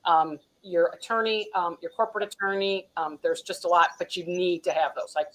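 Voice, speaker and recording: The audio is poor, with a little hiss or hum, as a woman with a fairly low, steady, slightly bright voice talks fairly quickly. She's a vice president at a company, explaining practical steps in a casual, advice-giving business webinar interview, sprinkled with "um" and "you know."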